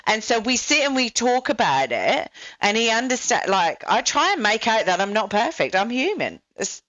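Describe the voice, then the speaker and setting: A woman's voice: medium pitch, sing-song, normal speed, fairly bright tone, no echo, highs cut off. A woman hosting a podcast, chatting casually and filling her talk with "you know" and "like". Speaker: podcast host. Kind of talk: casual interview chat.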